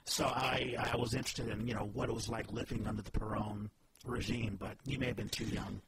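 A man's voice: on the low side, level tone, fairly quick. A man in his forties hosting an interview, mixing short affirmations with probing questions in casual talk. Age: 40s. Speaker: podcast host. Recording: clear background hiss.

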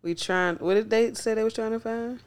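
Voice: medium pitch, little pitch movement, brisk, dark tone, clean tone. A co-host, recapping an episode in laid-back casual chat. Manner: laid-back, laughs often. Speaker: podcast co-host.

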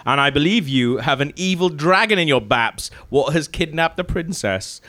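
Guy doing a cocky panto prince, bouncy lively voice. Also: fairly high pitch, normal speed. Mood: boastful. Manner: grandstanding and cheeky. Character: boastful heroic pantomime prince. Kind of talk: comedy sketch.

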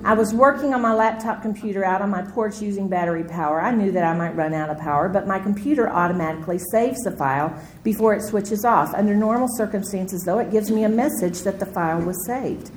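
Brief: middle-aged woman, Bible study teacher, lively storyteller, faint hiss under the voice. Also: medium pitch, fast, few pauses, poor audio. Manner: animated storytelling, acts out her own panic. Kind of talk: Bible study lecture with personal stories.

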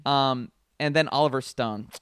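A man's voice: mid-range voice, moderate pace, a bit bright, smooth, no room sound, studio quality. A man co-hosting a casual podcast chat, joking and profane, rambling with lots of fillers. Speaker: podcast co-host.

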